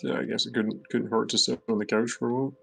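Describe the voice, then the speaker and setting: A man's voice: mid-range voice, little pitch movement, fast, vocal fry, faint music behind. A man playing a character in a tabletop game, hesitant and restarting his sentences. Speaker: player.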